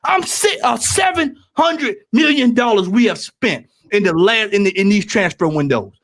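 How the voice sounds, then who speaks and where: A man on a football fan stream, ranting heatedly with lots of repetition and frequent shouting. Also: sits high, animated, moderate pace. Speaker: football podcast panelist.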